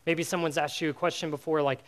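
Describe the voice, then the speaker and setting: A man giving a youth sermon, telling a personal story in an animated, self-mocking way with many fillers before turning to faith. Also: on the high side, fast talker. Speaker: youth pastor.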